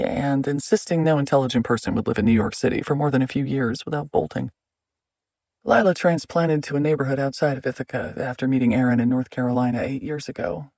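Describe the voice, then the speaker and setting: A man narrating an audiobook in a measured, steady reading. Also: mid-range voice, creaky, no room sound, muffled recording.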